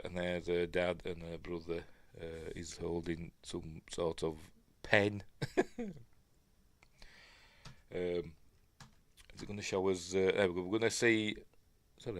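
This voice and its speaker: A man's voice: low voice, no echo. A middle-aged man with a Yorkshire accent hosts a casual film breakdown, rambling and muttering asides to himself as he wonders aloud. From Yorkshire, England. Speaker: film review host.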